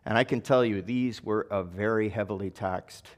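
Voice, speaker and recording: A male pastor giving a sermon in a relaxed, conversational way, now and then correcting himself. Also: on the low side, normal speed. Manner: conversational, self-correcting, occasional chuckle.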